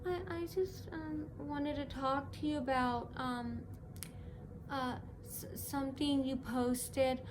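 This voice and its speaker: A woman imitating a hesitant older female office manager who stammers and speaks softly. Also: sits high, steady tone, noisy background. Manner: halting, stammering, soft-spoken.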